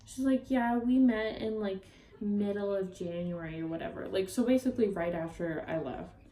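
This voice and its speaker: A woman's voice: medium pitch, normal speed, mellow, roomy sound, a little hiss or hum, poor audio. A young woman vlogging a rambling, upset story about a breakup, full of fillers and swearing. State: upset, near tears. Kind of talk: ranting storytime vlog.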